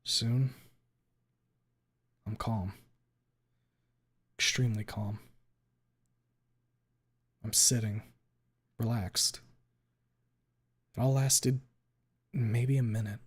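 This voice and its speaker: A man streaming a first-person story reading, dramatic and expressive, with sudden loud outbursts. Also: medium pitch, drawn-out words, pauses often, husky.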